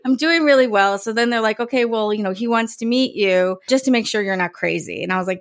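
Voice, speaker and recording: A middle-aged woman from the Midwest tells a story on a podcast, chatty and self-mocking. Her pitch sits in the middle, and she breaks into other people's voices as she quotes them. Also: normal speed. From American Midwest. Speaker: podcast guest. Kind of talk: casual storytelling.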